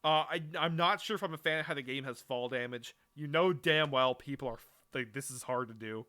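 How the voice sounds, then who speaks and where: A man's voice: medium pitch, a little fast, sharp tone, clear, resonant tone. A young man co-hosting a podcast, chatting casually, swearing freely and rambling with restarts. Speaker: podcast co-host. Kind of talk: casual chat.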